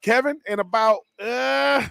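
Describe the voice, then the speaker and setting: A man co-hosting a live sports talk show, animated and playful, with slangy, repetitive speech. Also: extremely high pitch, unhurried, creaky, clean tone, no echo. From Southern US. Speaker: co-host and former player.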